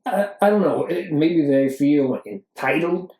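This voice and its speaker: Woman playing a gruff Brooklyn tough guy. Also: low voice, unhurried, warm tone. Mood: indignant. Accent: put-on New York (Brooklyn). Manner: gruff, blustering, broken grammar. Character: brash Brooklyn tough-guy husband, middle-aged man. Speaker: podcast co-host in character. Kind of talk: improvised comedy sketch. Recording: roomy echo.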